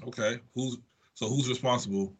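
Husky-voiced, laid-back podcast host. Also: male voice, mid-range voice, fairly even intonation, moderate pace. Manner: laid-back, prompting others. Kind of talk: casual podcast chat.

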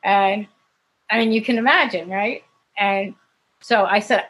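Woman, actress guest on a video-call interview; husky, chatty storyteller who laughs a lot. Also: mid-range voice, measured pace, pauses often, a bit bright, rough recording. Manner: chatty, laughs often while telling stories. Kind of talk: casual anecdote telling.

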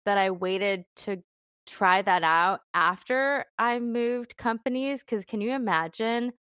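A woman's voice: mid-range voice, slow, fairly bright tone, clear, resonant tone, no room sound, studio quality. A young woman telling a bad-date story in casual chat, filler-heavy and laughing often. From Philippines. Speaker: guest telling a dating story.

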